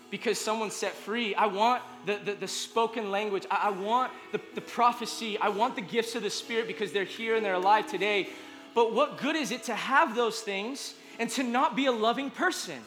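A man's voice: sits high, pushed and bright. A male pastor preaching a sermon in a casual, earnest, conversational way, often restarting his sentences.

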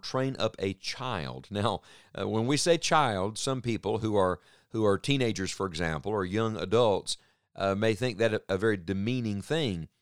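A middle-aged man preaching a sermon in an earnest, measured way, pausing for emphasis. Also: on the low side, no echo, studio quality.

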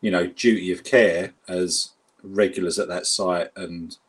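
A man's voice: low voice, steady tone, unhurried, breathy edge. A man with a South London accent talking casually and rambling with lots of fillers. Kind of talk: casual chat.

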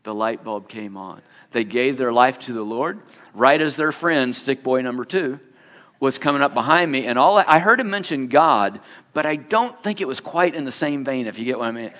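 A man's voice: medium pitch, expressive, normal speed, a bit bright. A man preaching in a conversational storytelling way, acting out the people in his story. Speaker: preacher sharing a testimony. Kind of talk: sermon storytelling. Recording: long hall reverb.

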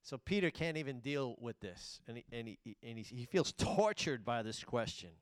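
A man preaching a sermon, retelling scripture dramatically, swinging between loud declarations and hushed asides. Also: mid-range voice, expressive, moderate pace, clean tone, no room sound. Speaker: pastor.

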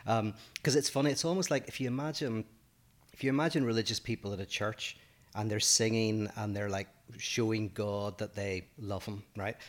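Northern Irish man explaining ideas, low voice. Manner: explains ideas at length, thinking aloud. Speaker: podcast co-host. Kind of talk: casual philosophical discussion.

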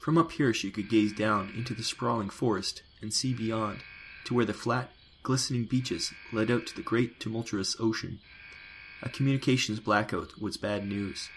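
A man reading a science fiction audiobook in a measured, descriptive way. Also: fairly low pitch, a little hiss or hum, poor audio. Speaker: narrator. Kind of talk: scripted sci-fi audiobook narration. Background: music.

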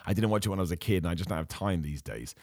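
Man, very low voice, rapid talk, hoarse, enthusiastic casual chat. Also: darkish tone, dry recording, clean studio sound. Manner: enthusiastic, chatty, frequent fillers and restarts. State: losing his voice. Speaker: podcast host answering viewer questions.

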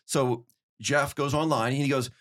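A middle-aged man telling stories in casual conversation, animated, acting out quotes as he goes. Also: mid-range voice. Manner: fast, animated storytelling with acted-out quotes. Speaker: podcast guest, winery owner.

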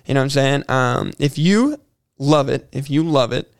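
A man's voice: medium pitch, expressive, normal speed, no echo, clean studio sound. A young man, a podcast guest telling a personal story, earnest and often restarting his words. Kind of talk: casual storytelling interview.

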